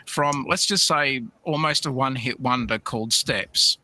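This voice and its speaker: A man's voice: medium pitch, unhurried, sharp tone. A middle-aged man hosting a livestream, telling a rambling, laughing story with many restarts. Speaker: livestream host. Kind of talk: casual storytelling chat.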